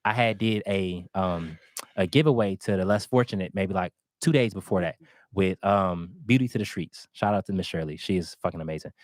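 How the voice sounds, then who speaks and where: Fast-talking man telling a story up close. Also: deep voice, no room sound. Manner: animated, acts out quoted voices. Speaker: guest storyteller. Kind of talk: casual anecdote telling.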